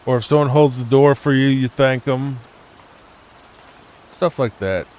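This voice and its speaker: A man from the United States giving soft-spoken, rambling gameplay commentary meant for falling asleep, full of hesitations. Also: medium pitch, fairly even intonation, measured pace. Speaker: gaming channel host.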